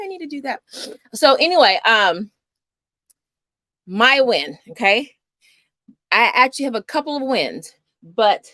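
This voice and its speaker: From a small home studio, a middle-aged woman from Houston, Texas, hosts a casual homeschool livestream, chatty, upbeat, and rambling with fillers. Her medium-pitched voice is fairly bright, and the recording is dry.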